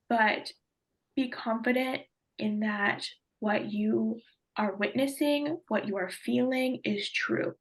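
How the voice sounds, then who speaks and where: A woman presenter speaks at a leisurely pace, her measured, affirming tone edged with a gravelly rasp. She drops now and then into soft half-whispered asides as she guides the group. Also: fairly high pitch. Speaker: webinar presenter. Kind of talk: guiding a group discussion.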